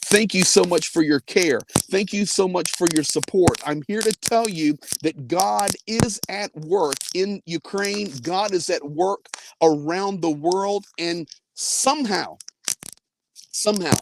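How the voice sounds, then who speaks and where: A man's voice: sits high, unhurried, background noise. A man hosting a live faith-based update from inside his car, telling a story earnestly and quoting others. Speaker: host.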